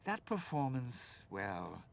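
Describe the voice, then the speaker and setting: A man's voice: very animated, slow, a little hiss or hum, heavily acted. An actor voicing a bitter, scheming older man in a video game, speaking in a menacing drawl. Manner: low gravelly menacing drawl.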